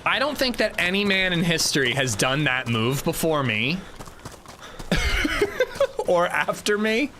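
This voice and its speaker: Animated man telling a story on stream. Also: a little high, unhurried, long pauses, a little hiss or hum. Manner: animated storytelling, laughing, reading chat aloud. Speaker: livestreamer. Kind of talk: casual streaming chat.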